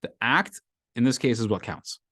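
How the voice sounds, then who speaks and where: In a classroom full of students, a male rabbi gives his weekly class in a relaxed, conversational way, vividly acting out everyday scenarios. His medium-pitched voice has a breathy edge, moves at a normal speed, and swings expressively up and down. There's no room sound; the recording is dry and close.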